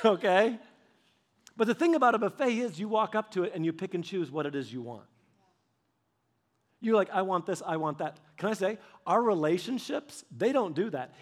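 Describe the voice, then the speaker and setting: A man giving a sermon as a pastor, chatty and full of personal stories, often speaking straight to his listeners. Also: high voice. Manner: conversational, anecdotal, speaks straight to the audience.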